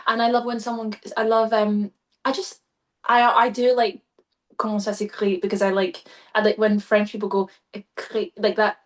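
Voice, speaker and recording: A woman's voice: mid-range voice, flat delivery, normal speed. A stage performer, a woman, chatting as a podcast guest, gushing and enthusiastic with many fillers. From Scotland. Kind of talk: casual podcast chat.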